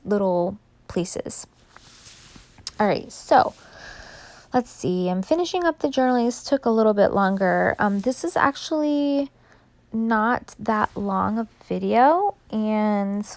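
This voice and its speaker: A woman's voice: medium pitch, vocal fry, no echo. A woman, sleepy and yawning, chatting through a rambling, filler-heavy late-night craft voiceover. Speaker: scrapbooking video creator. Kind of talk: casual voiceover narration. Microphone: voice-over.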